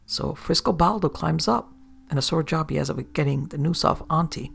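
A man narrating an old sailor's yarn aloud in a steady storytelling manner. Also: on the high side, normal speed, creaky, a little hiss or hum.

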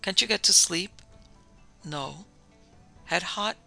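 A man reading the part of a brisk, kindly doctor who asks short questions and reassures. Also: high voice, vocal fry, sharp tone, faint music behind, heavily acted. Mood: brisk reassuring.

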